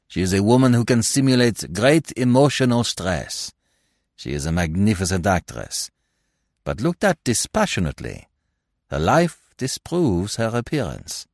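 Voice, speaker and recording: A man's voice: low voice, no room sound, studio quality. A man voicing a fussy, self-assured older Belgian detective who lectures with precise, impatient logic in an audiobook reading.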